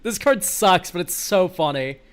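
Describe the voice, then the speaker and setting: A man's voice: sits high, expressive, unhurried, clean tone. A young man streaming live, chatting loosely and jokingly as he reviews card game decks, swearing now and then and tossing out goofy exclamations. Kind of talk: casual live-stream chat.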